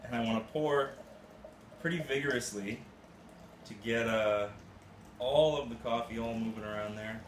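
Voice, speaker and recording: A man's voice: medium pitch, normal speed, pauses often. A man casually walking through brewing coffee step by step, tossing in playful, goofy catchphrases. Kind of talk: casual how-to demonstration. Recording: roomy room with faint ambient hum.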